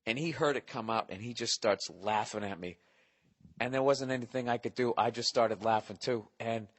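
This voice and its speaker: A man in his forties hosting a podcast, telling a comic story in a profane, animated rant. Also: mid-range voice. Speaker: podcast host. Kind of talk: casual comedic monologue.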